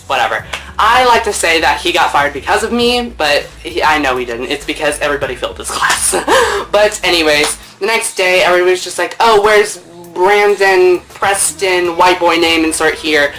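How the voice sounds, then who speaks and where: A man telling a story in a casual vlog, animated, laughing, and swearing freely. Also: on the high side, a little fast, soft background music, poor audio. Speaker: vlogger.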